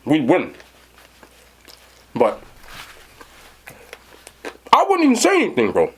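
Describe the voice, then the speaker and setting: A man with a husky voice tells a long story in a lively way, his pitch jumping up and down. He talks straight to his chat in a casual, animated tone, as a host of his own eating show. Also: slow, long pauses. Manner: animated, talks to viewers directly. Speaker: mukbang host.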